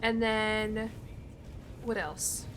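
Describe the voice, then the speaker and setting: A woman's voice: fairly high pitch, fairly even intonation, very slow, a bit bright, a little hiss or hum. A young adult woman streaming a video game, chatting casually with her viewers, laughing often and joking about herself. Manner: laughs often, self-deprecating, reads chat aloud. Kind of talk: casual live-stream chat while gaming.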